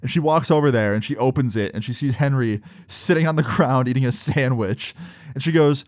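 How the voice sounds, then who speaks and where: Young adult male, relaxed storyteller, slangy and profane, mid-pitched, dry close sound. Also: a little fast, dry recording. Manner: laid-back, filler-heavy with frequent "like" and swearing. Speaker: vlogger. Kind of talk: casual storytime.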